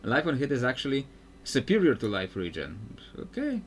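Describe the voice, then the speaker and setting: A man's voice: medium pitch, huge pitch swings, normal speed, a little hiss or hum. A man streaming a game, rambling through casual commentary and laughing often.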